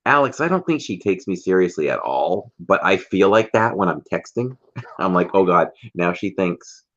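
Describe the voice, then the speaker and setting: A livestream co-host with a low voice and lively intonation talks at a moderate pace in casual chat. Teasing stories and frequent laughter fill the dull, lo-fi audio.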